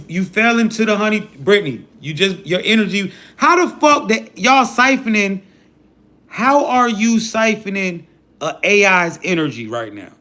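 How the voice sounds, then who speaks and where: A man hosting a livestream who lectures his chat in a slangy, profane sermon. His voice is high and bright and pushes forward. He sounds hyped and sure of himself. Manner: preachy, profane, hype talk with slang. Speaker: livestream host. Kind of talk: casual livestream rant.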